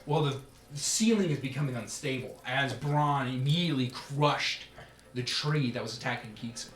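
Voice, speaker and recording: A man's voice: mid-range voice, moderate pace, fairly bright tone. A man running a tabletop game as dungeon master, moving between dramatic scene narration and casual rulings. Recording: roomy recording with music.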